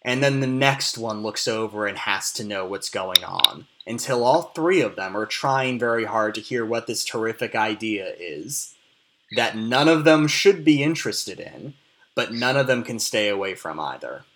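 A man's voice: lowish voice, animated, normal speed, fairly bright tone. A man in casual film discussion, explaining plot and context at length with frequent restarts. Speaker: podcast co-host discussing a film.

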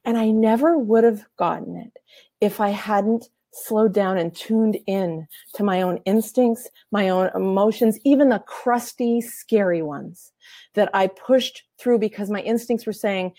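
A middle-aged woman telling a heartfelt personal story, earnest and animated, often laughing and acting out the voices of others. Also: mid-range voice, a little slow, no echo, studio quality. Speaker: author and coach.

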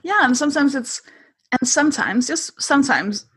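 A woman's voice: high voice, lively intonation, moderate pace, fairly bright tone, dry recording. A woman comedian hosting a podcast, chatting casually and telling self-deprecating stories with frequent laughter. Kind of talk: casual interview chat.

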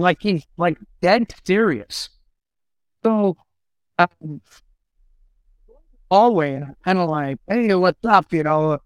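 A man's voice: high voice, no room sound. Ex-goalie guest, a man in his fifties, spinning funny stories with a clean, resonant voice. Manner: lively anecdotes, acts out quoted lines. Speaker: guest, former pro hockey goalie. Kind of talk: casual storytelling on a podcast.

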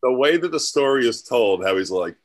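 A man's voice: medium pitch, lively intonation, brisk. A man co-hosting a casual wrestling talk show, trading wry, joking banter. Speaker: podcast co-host.

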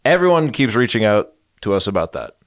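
A man's voice: fairly low pitch, very animated, brisk. Man co-host with dry asides. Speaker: podcast co-host. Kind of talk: casual comedic chat.

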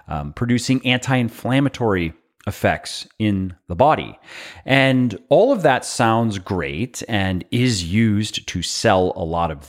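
A man hosting a solo podcast, explaining a topic in a brisk, explanatory way with wry asides. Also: on the low side. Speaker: podcast host.

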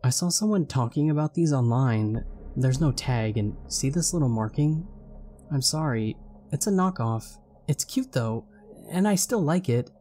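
A man's voice: mid-range voice, expressive, a little slow, warm tone, slight background noise, voice pushed up, close to an everyday voice. A man voicing a young wife who hides her disappointment, speaking hesitantly and awkwardly reassuring.

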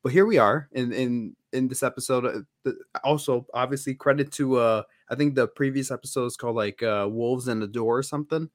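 Speaking fairly quickly at medium pitch with hardly any pauses, a man co-hosts a podcast in clean studio sound with no room noise. He chats casually with fans, rambling and leaning on fillers and restarts.

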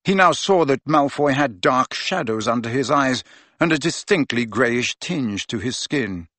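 A man narrating a novel in a steady, even storytelling manner as an audiobook reader. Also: medium pitch, measured pace, dry recording. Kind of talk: scripted fiction narration.

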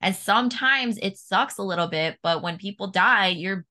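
A woman's voice: medium pitch, normal speed, pushed and bright. A woman hosting a podcast, talking candidly and emphatically in casual conversation and swearing freely. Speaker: podcast host.

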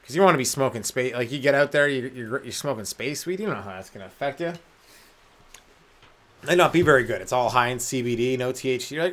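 A man's voice: medium pitch, animated, quick pace, fairly bright tone. A young man hosting a comedy podcast alone, rambling through crude jokes and laughing at his own lines. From Canada. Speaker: stand-up comedian podcast host. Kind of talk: solo comedic rant.

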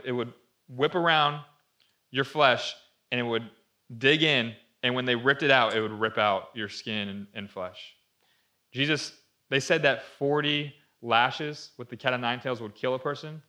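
A male pastor delivers a storytelling sermon in a bright, forceful voice at an everyday pitch. He reads the passage aloud and takes on the speakers' voices. At dramatic moments he drops into a hushed, intense tone. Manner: storytelling, acting out voices in Bible readings.

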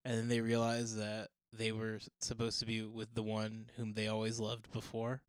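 A man's voice: on the low side, completely flat delivery, clean tone, dry recording. A man joking and bantering in a casual podcast chat. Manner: joking, quick banter with laughs.

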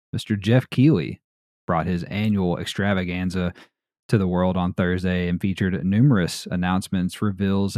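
Southern US man, low dark voice, casual podcast host, dry close mic. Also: no echo. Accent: American Southern. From American South. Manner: laid-back, chatty, laughs often.

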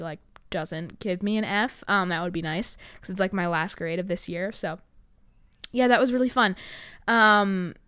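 Rambling teenage girl with a smooth, dry voice. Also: lowish voice, fairly bright tone, no room sound. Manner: rambling, filler-heavy, swears, self-mocking. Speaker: podcast host. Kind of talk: casual solo podcast chat.

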